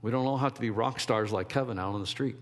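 Rambling pastor preaching in a reverberant hall. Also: male voice, medium pitch, fast talker. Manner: conversational, rambling with restarts and quoted asides. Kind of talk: sermon.

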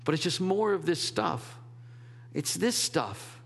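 A man's voice: sits high, expressive, takes it slowly, creaky, fairly bright tone, husky, big-room sound. A man preaching a sermon as a pastor, in a conversational, rambling way with restarts and quoted asides.

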